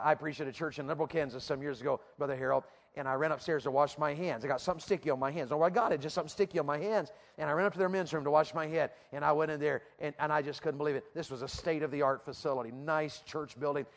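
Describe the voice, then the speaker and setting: A high-pitched man preaches to teenagers in a church. He repeats himself for emphasis and keeps dropping from loud, driven bursts to quiet asides. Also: vocal fry. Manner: emphatic, repetitive, swings from loud to hushed. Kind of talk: youth sermon.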